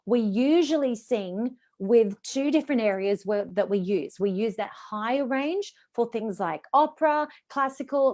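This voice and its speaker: A woman with an Australian accent, a voice and presentation coach leading a live online workshop, reading out questions and answering them with lively, varied inflection. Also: a little high.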